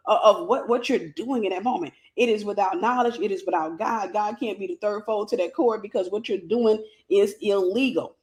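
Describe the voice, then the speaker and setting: Woman preacher, emphatic and repetitive, slightly high voice, Bible teaching. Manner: emphatic, repetitive, calls out to listeners. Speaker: minister teaching a lesson. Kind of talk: sermon-style Bible lesson.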